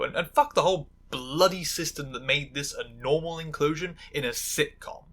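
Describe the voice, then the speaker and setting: A woman's voice: sits low, moderate pace, few pauses, a bit bright. A woman giving sarcastic video essay commentary, full of stammering restarts and angry asides.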